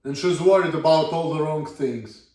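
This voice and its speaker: A man's voice: on the high side, normal speed, a little mellow. A man in his thirties with a Russian accent, ranting bluntly and swearing a lot in a casual monologue. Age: 30s. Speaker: vlogger. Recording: echoey room, from far off.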